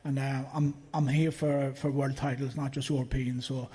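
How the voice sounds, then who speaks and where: A man's voice: medium pitch, level tone, moderate pace, dark tone, husky. A man, a bare knuckle fighter, speaking confidently with many fillers at a press conference.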